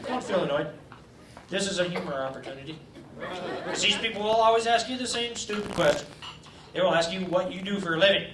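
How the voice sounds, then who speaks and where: A man's voice: high-pitched, fast, far from the mic, noisy background. A man doing a stand-up set in a comedy club, teasing the crowd with crude jokes. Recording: roomy club taped from afar, loud crowd.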